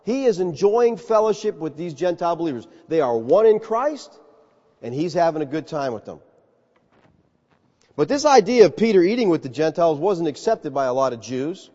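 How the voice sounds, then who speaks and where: A man preaching a sermon in an animated, conversational way, calling his listeners folks. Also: a little high, normal speed. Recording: reverberant hall, slightly dull sound.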